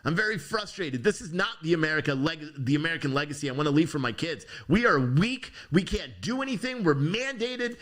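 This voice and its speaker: A man's voice: fairly high pitch, animated, a little fast, few pauses, fairly bright tone. A young man hosting a news show, ranting angrily with swearing and frequent restarts. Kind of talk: angry political commentary.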